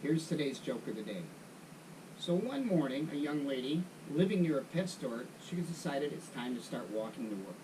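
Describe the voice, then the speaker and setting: A man's voice: mid-range voice, sing-song, moderate pace, far from the mic, noisy background. A man hosting a casual golf chat show, asking questions and telling a long joke. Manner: jokey, tells jokes. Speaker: host.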